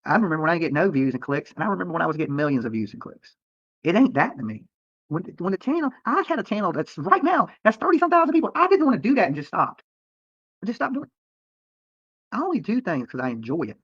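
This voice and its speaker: A man's voice: sits high, huge pitch swings, fast, fairly bright tone, slightly rough, no echo, lo-fi sound. A man streaming live from a roadside near a protest, talking to viewers in a profane, rambling and defensive way, often tacking on "okay?". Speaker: livestreamer. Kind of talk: livestream rant to viewers.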